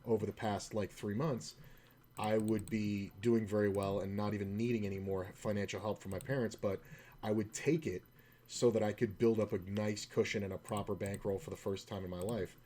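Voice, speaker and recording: While streaming poker, a man tells a long, rambling story in a discouraged, low-key way, often breaking off mid-sentence and quoting others in his own voice. His voice is low, mellow and fairly even at a moderate pace, with a little hiss or hum.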